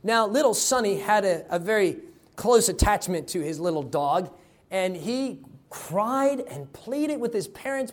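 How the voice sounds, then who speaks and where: A man preaching a sermon, telling a story with dramatic swings in loudness. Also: high voice, expressive, measured pace. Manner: dramatic, varies loudness for effect.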